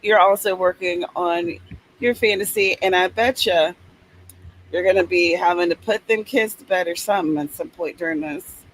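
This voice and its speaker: A woman's voice: on the low side, moderate pace, low-quality recording. Woman host, casual and playful, reads out chat comments over a faint hiss on a streamed call.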